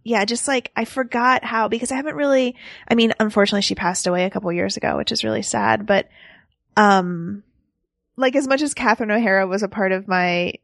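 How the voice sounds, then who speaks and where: A woman's voice: medium pitch, fairly quick, creaky, no room sound, clean studio sound. A woman in her thirties, co-hosting a casual movie podcast, who chats freely, laughs often and trails off mid-thought. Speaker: podcast co-host.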